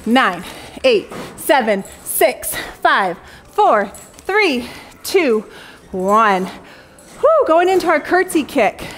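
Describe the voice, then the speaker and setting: A young adult woman leads a Pilates class at an unhurried pace, counting down reps and calling out cues. She sounds a little winded but stays upbeat, with bursts of cheering between sets. Her voice sits high. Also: fairly bright tone. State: slightly out of breath. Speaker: Pilates instructor. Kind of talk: fitness class cueing.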